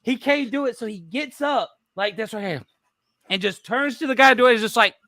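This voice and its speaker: Man, casual podcast chat, high voice, bright tone, animated storyteller. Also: moderate pace, a little hiss or hum. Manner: animated storytelling, acting out quotes, laughing often. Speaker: podcast co-host.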